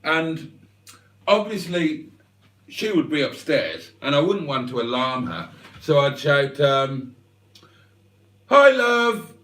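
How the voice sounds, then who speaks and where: A man hosting a livestream, telling a rambling comic monologue in a deadpan, mock-serious way with long digressions. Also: medium pitch, unhurried. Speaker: livestream host. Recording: echoey room, mic at a distance.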